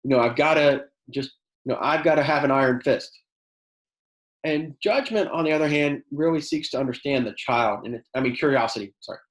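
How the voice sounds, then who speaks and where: A man who teaches high school chemistry, leading a workshop for teachers in a conversational way with many fillers. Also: brisk, echoey room, low-quality recording. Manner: conversational, many fillers, acts out quoted exchanges; self-described sarcastic.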